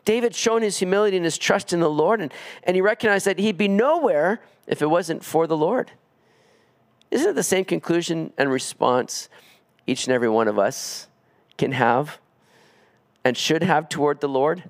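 A man preaching an expository sermon, earnest, climbing higher when he presses a point. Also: animated, moderate pace. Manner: earnest preaching, rising in pitch on emphatic pleas. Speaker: pastor.

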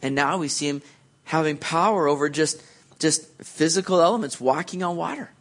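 A man preaching a sermon, telling the story with lively acted-out moments and earnest encouragement. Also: on the high side, normal speed. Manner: animated storytelling, acts out quoted voices. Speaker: pastor.

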